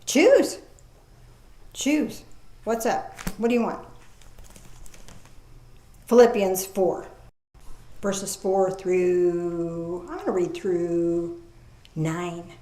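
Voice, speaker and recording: A woman preaching a sermon in a lively, folksy way, reading scripture aloud slowly and commenting with casual asides. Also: on the low side. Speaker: pastor. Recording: echoey room.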